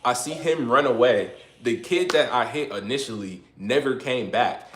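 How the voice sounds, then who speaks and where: A man's voice: medium pitch, normal speed, a bit bright. A man hosting a livestream, telling a story in loose, slangy casual chat and laughing now and then. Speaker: livestream host. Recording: roomy room with faint noise.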